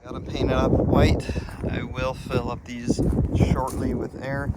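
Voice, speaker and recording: A man's voice: mid-range voice, level tone, takes it slowly. A man casually narrating his own do-it-yourself car work, rambling and thinking aloud with fillers. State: out of breath at times. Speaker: DIY car vlogger. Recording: loud background noise.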